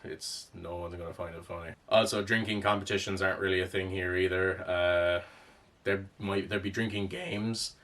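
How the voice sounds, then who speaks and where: A man's voice: low-pitched, fairly bright tone, far from the mic. A young man with a Cork Irish accent, rambling through casual commentary with a wry tone and plenty of swearing. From Ireland.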